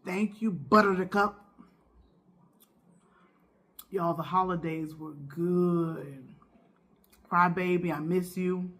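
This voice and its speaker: A woman's voice: fairly low pitch, takes it slowly, long pauses. A woman who hosts a mukbang, chatting casually and expressively while she eats. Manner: chatty and expressive, talks through bites. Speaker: mukbang vlogger host. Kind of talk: casual chat while eating.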